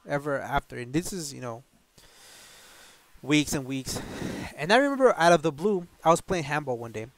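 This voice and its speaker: Man, casual storytelling, rambling, restarts, mid-pitched voice, talking to viewers. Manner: rambling, many restarts, laughs often, addresses viewers as guys. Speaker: channel host. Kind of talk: casual storytelling while washing a car.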